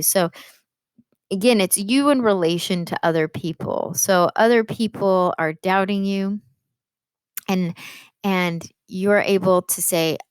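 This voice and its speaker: Brief: female English teacher, patient explainer, low-pitched and resonant, dry close sound. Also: a little slow, clean tone, dry recording. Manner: patient, explanatory, with frequent fillers. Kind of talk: classroom lecture.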